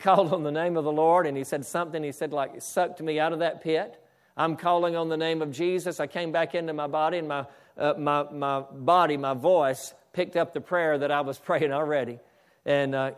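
Fervent high-voiced male preacher. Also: clear, resonant tone. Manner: fervent, repetitive restarts, exclaims "hallelujah"; builds to shouting. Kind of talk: sermon.

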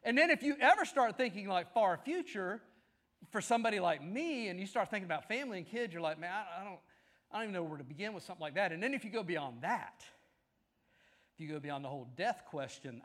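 High-voiced preacher, animated. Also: male voice, fairly quick. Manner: animated storytelling, shouting at climaxes. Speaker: pastor. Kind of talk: sermon.

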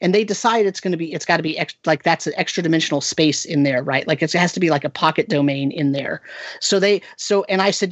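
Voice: mid-range voice, quick pace, dry recording. A game master recounting a tabletop session in casual chat, rambling with frequent restarts and "right?" tag questions.

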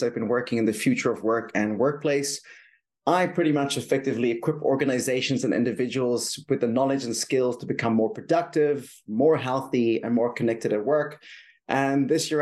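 A man with a South African accent speaks in an enthusiastic, explanatory way. His voice sits at a middling pitch, and he lays out research points on a conversational podcast. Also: a little mellow.

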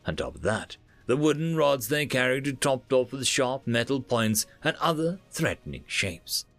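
Gravelly, expressive male storyteller. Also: medium pitch, moderate pace, dry recording, soft background music. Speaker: narrator. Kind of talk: storytelling narration.

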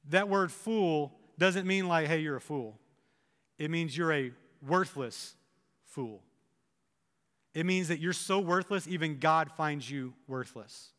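A man preaching a sermon as pastor, animated and acting out the imagined thoughts of his listeners. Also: on the high side, in a large hall.

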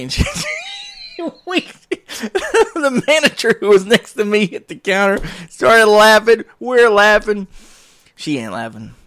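A middle-aged man spins casual stories with a lively, swooping delivery and a slightly high voice. He jokes and laughs through his tales. The sound is close and dry, with no room around him. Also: slow, dry recording, shouting. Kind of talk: casual storytelling monologue.

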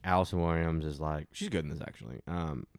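A young man hosts a casual movie-review podcast in a low voice, talking quickly. He rambles and restarts his sentences, and the sound is dry and close. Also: dry recording. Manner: rambling with many restarts and fillers. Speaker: podcast host.

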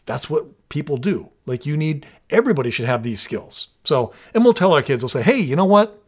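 A middle-aged man co-hosting a parenting podcast speaks in a mid-range voice, very animated and fairly quick. Earnest and chatty, he explains things step by step in a casual, conversational way, with many restarts.

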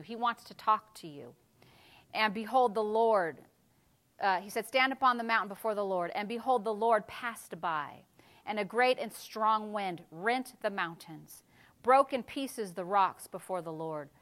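A woman pastor preaching a sermon, dropping to a hush and then building to loud, fervent exhortation. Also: mid-range voice, unhurried.

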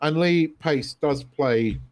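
A man's voice: fairly high pitch, takes it slowly, a little mellow, dry recording. Man, casual podcast co-host, rambling, sweary, dry close sound. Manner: rambling, sweary, lots of restarts and fillers. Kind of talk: casual chat.

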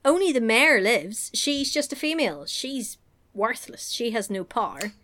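A woman plays a smug, boastful goblin henchman. The voice is pitched high and swings up and down, with a sneering, dismissive edge that fits an animated retelling. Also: measured pace.

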